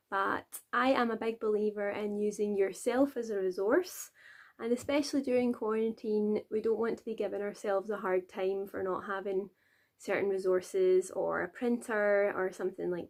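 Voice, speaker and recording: A woman with a Glasgow accent, a nursery teacher chatting encouragingly as she explains a children's rhyme to adults. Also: mid-range voice. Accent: Glaswegian. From Scotland. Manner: chatty and encouraging, with frequent laughs. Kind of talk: friendly tutorial for adults.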